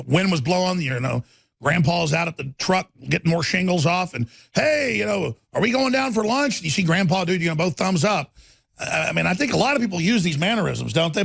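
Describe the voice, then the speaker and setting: A man's voice: a little high, expressive, quick pace, vocal fry, a bit bright, husky, dry recording. A man hosting a talk show, delivering a rambling, impassioned monologue into a studio microphone.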